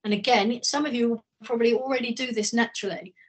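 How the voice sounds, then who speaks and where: Breathy woman teaching over a video call. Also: on the high side, fairly even intonation. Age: middle-aged. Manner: conversational, anecdotal, speeds up and slows down. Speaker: communication trainer. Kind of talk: training talk on a video call.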